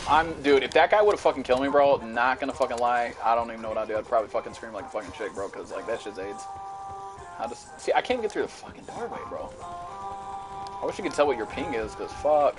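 A young man streaming a shooter game, ranting and cursing at the lag and at enemies, yelling now and then. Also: mid-range voice, expressive, quick pace. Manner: profane, frustrated, rants and yells at the game. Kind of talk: live gameplay commentary. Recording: music playing behind the voice.

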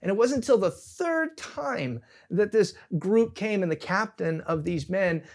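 High-voiced man preaching casually. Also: lively intonation, measured pace. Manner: conversational, humorous retellings. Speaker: pastor. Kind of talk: casual sermon. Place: church service.

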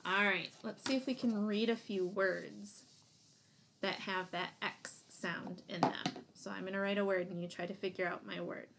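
A woman's voice: medium pitch, steady tone, vocal fry, noisy background. A woman teacher giving a phonics lesson to young children, sounding out letters and praising answers. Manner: slow, encouraging, sounding out letters.

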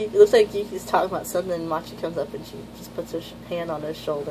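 A woman chatting casually as she pages through a new manga volume, rambling and gushing with excitement, with a slightly sore throat. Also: lowish voice, racing, hardly any pauses, a little hiss or hum, rough recording. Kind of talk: casual unboxing chat.

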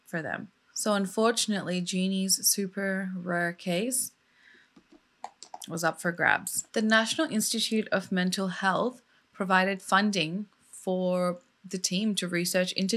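A woman's voice: medium pitch, fairly bright tone. A woman, a mother in her thirties or younger, telling a sad true crime story in a casual vlog, emotional and indignant as she talks it through.

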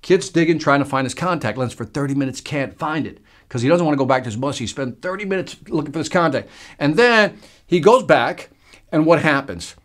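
A man teaching a sales lesson, energetic and emphatic, acting out the lines he uses from the stage. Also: fairly high pitch, a little fast. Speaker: sales trainer.

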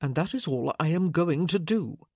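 A wry young rake who answers in dry, clipped lines, as a woman narrator voices him. The voice stays husky and fairly low, with lively pitch moves. It sounds close and dry, like a storybook recording. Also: normal speed, dry recording, heavily acted. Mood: wry guarded. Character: wry young male rake, guarded and sardonic.

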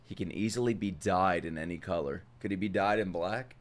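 A young man hosting a casual anime reaction video, excitable and laughing often, with plenty of swearing and exclamations. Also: sits low, a little fast, background noise. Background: faint anime soundtrack playing.

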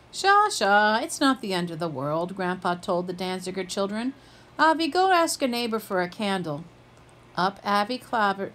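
A woman with a medium-pitched voice reads a children's picture book aloud, raising her voice for the characters' quoted lines. The audio quality is poor.

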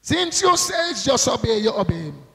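A man's voice: extremely high pitch, very animated, moderate pace, gravelly, bright, forceful tone, in a large hall, low-quality recording. A male pastor preaching a sermon, drawing out call-and-response with rhetorical questions and prompts to the congregation.

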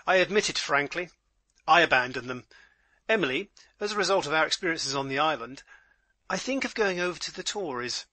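A man's voice: on the high side, expressive, fairly quick, sharp tone, no room sound. A man playing a flustered, vague elderly nobleman.

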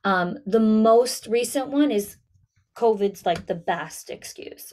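A woman coaching school leaders in an online town hall, talking directly and lively to her audience. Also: on the high side, slow pace, slight background noise. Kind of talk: webinar talk.

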